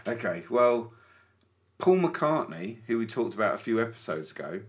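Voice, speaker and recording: A man co-hosting a podcast, chatting casually in an animated way with stumbling restarts. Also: mid-range voice, moderate pace. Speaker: podcast co-host. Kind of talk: casual chat.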